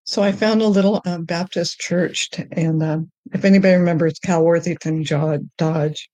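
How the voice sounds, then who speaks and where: Middle-aged woman, lowish voice, halting testimony with restarts, rising high and excited at the joyful parts. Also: no room sound. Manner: halting, with many restarts and fillers; grows high and excited when telling of joy. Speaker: guest sharing her testimony. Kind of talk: personal testimony in conversation.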